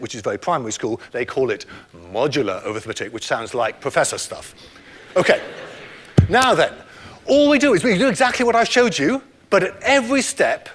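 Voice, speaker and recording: A man's voice: fairly high pitch, a bit bright. An older man giving a public lecture, explaining math step by step in a playful way and quizzing his audience.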